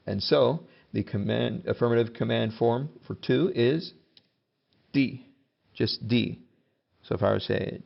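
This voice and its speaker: A man's voice: medium pitch, a little slow, creaky, dull audio. A male teacher giving a casual, joking lesson, acting out example commands as he goes.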